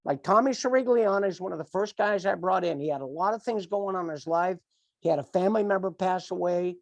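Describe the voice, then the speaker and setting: A man's voice: high voice, fast, creaky, no echo. Fired-up middle-aged man coaching. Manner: emphatic, repetitive, fired-up. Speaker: team leader. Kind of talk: motivational coaching talk.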